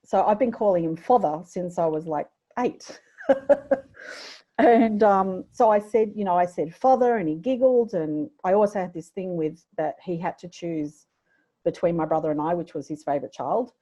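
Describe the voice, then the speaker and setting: A middle-aged Australian woman tells a personal story as a podcast guest, candid and reflective. Her voice sits low and mellow. The recording is dull and lo-fi. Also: moderate pace. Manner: candid, reflective, emotional at times. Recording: dull lo-fi audio.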